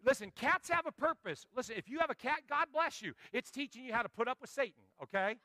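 A man preaching a sermon as pastor, telling animated stories and joking with the congregation. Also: extremely high pitch, fast, no room sound.

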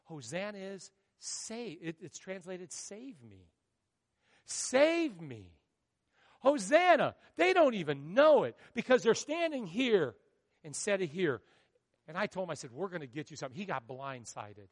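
A male pastor preaching a sermon, swinging from hushed storytelling to loud, dramatic outbursts. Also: high voice, sing-song, moderate pace, in a large hall.

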